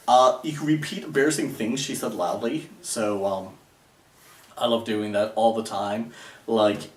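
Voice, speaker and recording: Sarcastic man in an echoey room. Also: mid-range voice. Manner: sarcastic, rambling with many fillers. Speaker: dating coach. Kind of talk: casual advice monologue. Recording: echoey room, voice a bit far from the mic.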